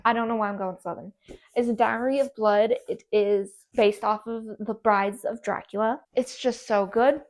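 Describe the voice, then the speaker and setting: A woman's voice: medium pitch, steady tone, normal speed. A woman vlogger gushing about book recommendations in casual, repetitive chat. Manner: gushing, enthusiastic, repeats herself.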